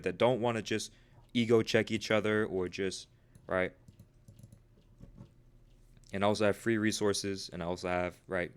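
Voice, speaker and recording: A man's voice: fairly low pitch, clean tone. A man of twenty hosting a casual livestream about trading, talking earnestly and motivationally, peppering his speech with "right?" and "bro". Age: 20s.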